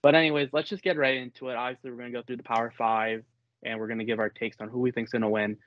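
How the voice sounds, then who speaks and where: A young man in his college years hosts a sports podcast in a casual, excitable way, pushing his opinions hard and often restarting mid-sentence. His voice sits at a medium pitch. The sound is dry and a little dull, like lo-fi home audio. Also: racing, dry recording. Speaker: podcast host.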